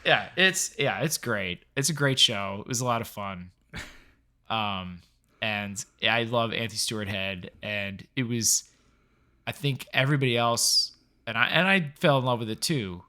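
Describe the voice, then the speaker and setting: A man's voice: medium pitch, moderate pace, sharp tone. A man co-hosting a film review podcast, talking enthusiastically and rambling with laughs. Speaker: podcast co-host. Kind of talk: casual film review chat.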